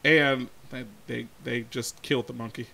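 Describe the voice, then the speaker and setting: A man's voice: medium pitch, fairly even intonation, normal speed, vocal fry, pushed and bright. A man chatting casually on a livestream, reading chat and teasing, laughing often.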